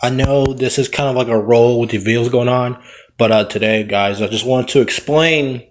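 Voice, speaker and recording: A man's voice: mid-range voice, normal speed. A man, a wrestler, giving a casual, rambling opinion vlog while playing a game, often backtracking and correcting himself. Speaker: wrestler and vlogger.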